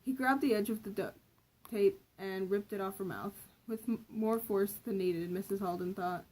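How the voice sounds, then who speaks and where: A woman's voice: mid-range voice, moderate pace, darkish tone, low-quality recording. A young woman casually reading her own old story aloud, often correcting herself and commenting on the writing.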